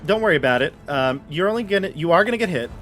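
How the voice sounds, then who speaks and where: A man running a tabletop game as game master, narrating the scene in a relaxed way and often restarting his sentences. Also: on the high side, very fast.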